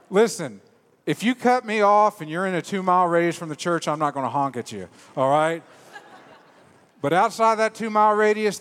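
A man preaching a sermon in a church, animated and joking, then dropping to quiet, low emphasis. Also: big-room sound. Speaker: pastor. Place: church sanctuary.

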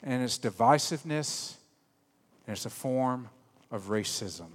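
A man preaching a sermon in a church, animated and joking, then dropping to quiet, low emphasis. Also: unhurried, breathy edge, big-room sound. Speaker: pastor. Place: church sanctuary.

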